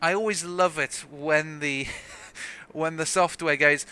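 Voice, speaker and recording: A young man from South Africa with a South African accent softened by British English, giving rambling, jokey commentary on a sim racing livestream. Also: on the high side, a little fast, clean tone, no room sound. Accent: South African with some British English. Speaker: race commentator.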